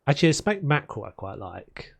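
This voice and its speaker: A man's voice: fairly high pitch, very animated, fast talker, gravelly, breathy edge. A man streaming a video game, chatting casually and rambling between topics as he builds. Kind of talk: casual chat while playing.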